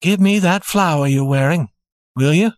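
A man doing a calm young safecracker. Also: on the high side, moderate pace, no echo, studio quality, voice pushed up, natural voice. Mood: commanding. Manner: calm and commanding.

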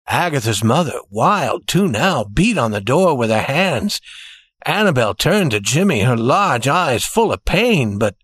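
A man narrating a story with a lively, rising and falling pitch. His reading is steady and expressive. The sound is dry and close, with no room in it. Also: measured pace, breathy edge, no room sound.

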